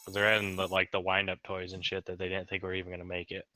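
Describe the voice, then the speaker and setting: A man in a gaming group, calmly explaining update news in a matter-of-fact way. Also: sits low, fast, no room sound, poor audio. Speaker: party member. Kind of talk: casual gaming chat.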